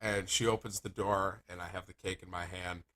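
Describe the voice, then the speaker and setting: A young man telling a crude, comic story about his life, animated and prone to sudden loud outbursts. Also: low voice, normal speed. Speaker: vlogger.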